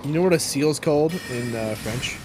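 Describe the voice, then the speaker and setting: A man's voice: medium pitch, moderate pace, noisy background. A playful young man joking with friends while gaming, laughing through his lines. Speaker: gaming streamer. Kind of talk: casual chat while gaming.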